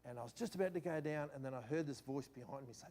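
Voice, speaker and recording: A middle-aged man, a pastor telling a personal story in a sermon, animated and shifting between loud and quiet. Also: medium pitch, quick pace. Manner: animated anecdote-telling with swings in loudness.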